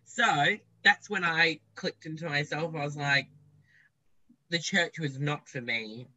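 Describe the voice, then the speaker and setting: A young man, a podcast guest, telling his story in a candid, animated way with casual swearing. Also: a little high, measured pace, no echo, low-quality recording.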